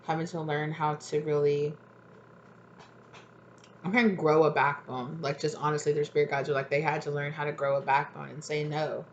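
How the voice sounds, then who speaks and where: A woman's voice: sits low, flat delivery, normal speed, dull audio, a little hiss or hum. A woman giving a casual, rambling tarot reading at home, full of fillers. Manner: chatty, rambling, many fillers. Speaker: tarot reader.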